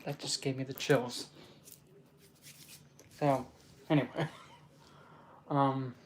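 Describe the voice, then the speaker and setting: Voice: medium pitch, little pitch movement, slow pace, slight background noise. Giggly rambling livestream host. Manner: talks back to chat with pet names. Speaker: streamer hosting an open chat. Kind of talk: casual livestream chat.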